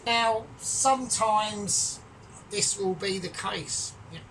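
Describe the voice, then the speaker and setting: Man, Scottish accent, cooking vlog host, jokey, boastful, sudden loud bursts, distant mic. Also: high voice, slow, a little hiss or hum. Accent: Scottish put-on. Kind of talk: casual cooking vlog chat. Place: home kitchen. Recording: distant mic, music behind.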